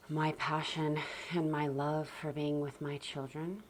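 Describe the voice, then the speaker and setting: Soft-spoken low-voiced woman vlogger. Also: flat delivery. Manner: soft, slow and gentle, often near a whisper. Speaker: parenting vlogger. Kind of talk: calm reflective talk to camera.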